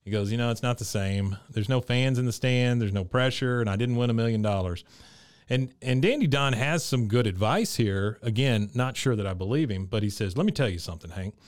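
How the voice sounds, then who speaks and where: A man's voice: medium pitch, fairly quick, no room sound. A man co-hosting a podcast, casually retelling scenes from a cartoon episode and quoting the characters' lines in his own voice. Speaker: podcast co-host recapping an episode. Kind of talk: casual chat.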